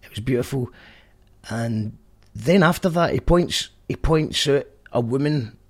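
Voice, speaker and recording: A man's voice: medium pitch, expressive, a little slow, breathy edge. A Scottish man hosting a podcast, chatting casually in a rambling, jokey way. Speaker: podcast host. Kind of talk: casual monologue recap.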